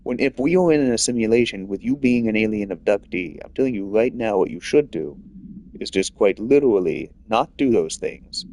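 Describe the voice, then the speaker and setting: A man's voice: on the low side, animated, normal speed, dark tone, no room sound. Rambling man streaming a game. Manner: rambling, lots of filler "like". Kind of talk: casual rambling commentary over gameplay.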